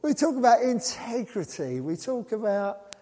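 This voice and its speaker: A man preaching a sermon, animated and joking with the congregation. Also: high voice, measured pace. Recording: long reverb of a large hall.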